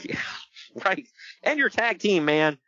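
A man hosting a casual podcast, recapping wrestling in an animated storytelling way and laughing often. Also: high-pitched, slow pace, dry recording, highs cut off. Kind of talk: casual chat.

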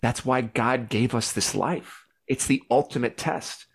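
A man in his forties, a podcast guest, talking earnestly and reflectively about faith and fear, sometimes rising into loud pleading. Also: medium pitch, unhurried, breathy edge. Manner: earnest, reflective, bursts into loud pleading when recounting prayers. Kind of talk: heartfelt conversation.

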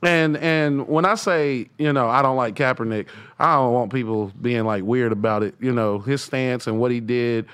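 A man's voice: mid-range voice, steady tone, normal speed, hardly any pauses, a bit bright, clean tone. A man who does stand-up, a podcast guest chatting casually and laughing often. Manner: laughs often, rambling sports talk. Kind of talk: casual chat.

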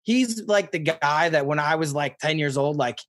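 A young man from Missouri telling stories in a casual interview, rambling and excitable with many fillers. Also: a little high, normal speed, no echo, studio quality. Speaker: podcast guest, fishing show host.

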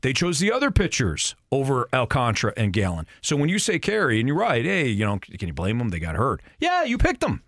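A man's voice: medium pitch, huge pitch swings, fairly quick, few pauses, fairly bright tone, no room sound, clean studio sound. A man hosting a sports talk show, arguing his points emphatically and repeating them for stress. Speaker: sports radio host.

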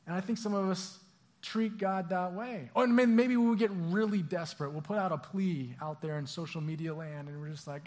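A young man preaching a casual sermon as a pastor, acting out characters in a lively, conversational way with frequent restarts. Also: sits high, moderate pace. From Southern California. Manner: casual, animated, acts out voices, stammering restarts.

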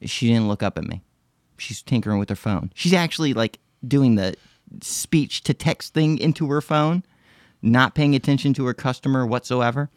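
A man's voice: medium pitch, moderate pace, no echo, studio quality. A man casually telling a story on a podcast, rambling and profane, with many restarts and fillers. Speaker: podcast host.

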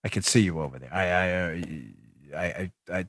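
A man's voice: low-pitched, brisk. A middle-aged man hosting a political show, ranting bluntly and profanely and hammering the same short commands again and again. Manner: shouting, repetitive, blunt and profane. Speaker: political podcast host.

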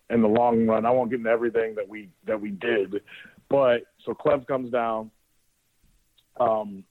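A male sports radio host telling a casual, rambling story on air, sometimes swearing and often restarting his sentences. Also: medium pitch. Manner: rambling, profane, with frequent restarts. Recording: dry, narrowband phone-like audio.

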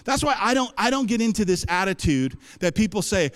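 An impassioned male pastor preaching with a high voice, rising into loud bursts and dropping to low asides. His voice rings with long reverb in a church sanctuary. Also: animated, brisk. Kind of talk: sermon.

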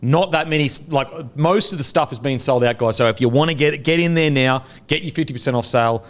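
Aussie male podcast host, average pitch, casual sweary studio banter. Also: brisk. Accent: Australian. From Australia. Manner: banter-heavy, swears freely, plugs sponsors. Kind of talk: casual sports podcast chat.

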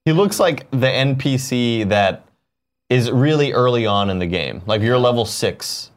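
A man's voice: mid-range voice, animated, a little slow. A man hosting a casual livestream talk show, joking, swearing and reading out viewer tips. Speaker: show host.

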